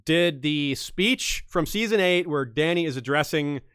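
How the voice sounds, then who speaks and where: A man's voice: on the high side, lively intonation, a little slow, fairly bright tone, smooth, dry recording, studio quality. A man co-hosting a casual podcast, telling stories emphatically and with animation. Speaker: podcast co-host. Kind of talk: casual storytelling chat.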